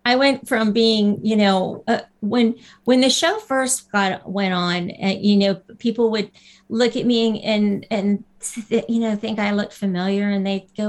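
A woman guest telling a lively anecdote in a casual interview, acting out the people she quotes. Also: medium pitch, unhurried. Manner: animated storyteller, acts out quotes. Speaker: guest actress.

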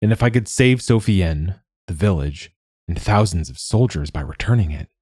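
A man narrating a first-person fantasy story in a measured, wry manner. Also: low-pitched, animated, darkish tone, slightly rough, no echo, clean studio sound.

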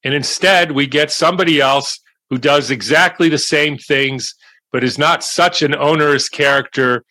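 An older man delivering a slow, deliberate monologue of commentary. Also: a little high, sharp tone, dry recording.

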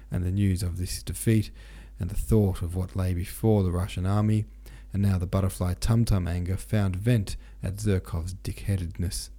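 Brief: man, podcast narrator, slangy and loose, deep dark voice. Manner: irreverent, slangy retelling. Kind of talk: casual audiobook narration.

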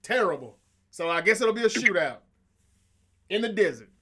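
Higher-pitched man, boastful sports banter. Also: expressive, normal speed, a crowd in the background. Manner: confident, boastful trash talk. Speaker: podcast co-host. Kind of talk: casual sports chat.

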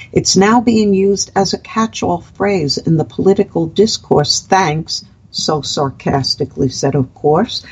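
Woman reading sharp scripted commentary, husky. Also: mid-range voice, muffled recording. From United States. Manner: reads long prepared sentences, sarcastic. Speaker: guest commentator.

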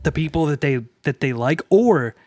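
A man co-hosting a film podcast in casual chat, joking and swearing with quick laughs. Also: fairly high pitch, expressive, a little mellow, no room sound, clean studio sound. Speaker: podcast co-host.

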